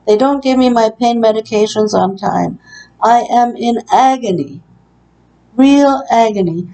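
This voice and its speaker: A woman's voice: a little high, a little slow, mellow, poor audio. A woman in her room at a care facility, telling her story in an earnest, aggrieved way with frequent hesitations. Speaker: long-term care resident. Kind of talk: personal testimony vlog.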